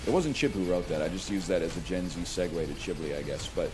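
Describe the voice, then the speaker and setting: A man's voice: deep voice, quick pace, hardly any pauses, a little mellow, a little hiss or hum. A man in his thirties, a streamer chatting casually and jokingly while he plays a video game, drifting from one tangent to the next. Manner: rambling, joking, wanders off on tangents.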